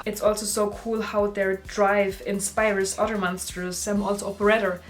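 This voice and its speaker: A woman's voice: medium pitch, a little fast, few pauses, soft background music. A young woman casually reviewing and ranking movies in a vlog, gushing and full of filler words. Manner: gushing, animated, lots of "like" fillers.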